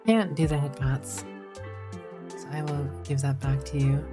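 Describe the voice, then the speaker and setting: A woman streamer chatting casually, softly reading chat and reacting to videos. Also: deep voice, steady tone, unhurried, over music.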